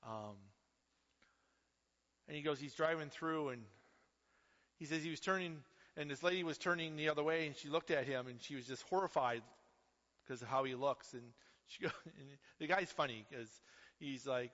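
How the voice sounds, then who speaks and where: Preacher guy, kinda high and punchy voice, goes loud then quiet, echoey big hall, muffled recording. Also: normal speed. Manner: impassioned, swinging from loud to hushed. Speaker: pastor. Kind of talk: sermon. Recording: reverberant hall, dull lo-fi sound.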